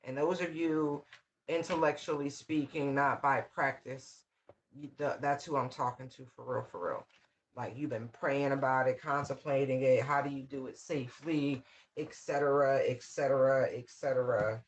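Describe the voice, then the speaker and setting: A man's voice: medium pitch, fairly even intonation, normal speed, slight background noise. A man giving a casual, channeled tarot reading in loose, slangy, rambling talk full of fillers. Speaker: tarot reader.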